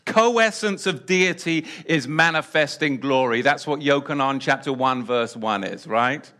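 This sermon comes from a man with a medium-pitched voice who talks a little slowly but with hardly any pauses. He repeats his key phrases and moves back and forth between loud proclamations and hushed asides.

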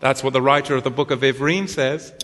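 A man's voice: mid-range voice, fairly even intonation, brisk, fairly bright tone. A British man teaching scripture, posing rhetorical questions and then answering them. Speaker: Bible teacher. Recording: long hall reverb.

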